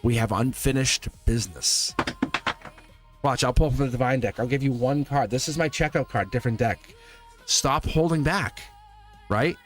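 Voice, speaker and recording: Chatty laughing tarot livestream host. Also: male voice, mid-range voice, moderate pace, music in the background. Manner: chatty, laughs often, repeats himself. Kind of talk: live tarot reading chat.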